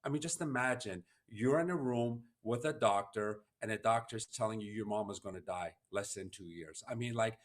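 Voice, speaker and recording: A man's voice: on the low side, moderate pace, few pauses. A man hosting a podcast, telling a personal story in an earnest, emotional, heartfelt way. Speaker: podcast host.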